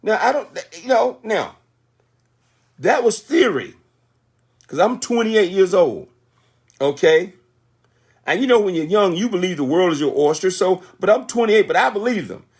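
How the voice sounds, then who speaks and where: A man's voice: sits high, expressive, normal speed, pauses often, breathy edge. A man in his sixties giving a motivational talk on a conference call, emphatic and repetitive like a sermon. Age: 60s.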